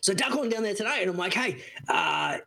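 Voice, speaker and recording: A man in his thirties co-hosting a podcast in casual chat. His voice sits high and has a husky edge. His delivery is animated, with wide swings in pitch, and he acts out every quote in the story. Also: fairly quick. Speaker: podcast co-host.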